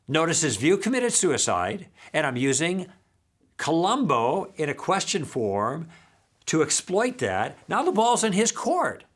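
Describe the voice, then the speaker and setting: A man leads a recorded teaching session, working through anecdotes from his own conversations. He acts out each side of the exchange, and his voice swings widely in pitch as he goes. He keeps pulling the listeners in with quick "okay?" and "all right?" check-ins. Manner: animated storyteller who acts out dialogue and checks in with "okay?". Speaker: apologetics teacher.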